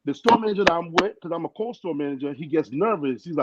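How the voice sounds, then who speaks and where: A young man with a foreign accent tells his story on a podcast, earnest and animated, acting out the people he quotes. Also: fairly high pitch, fast talker, no room sound. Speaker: guest. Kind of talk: casual storytelling. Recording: dull lo-fi sound with loud noise.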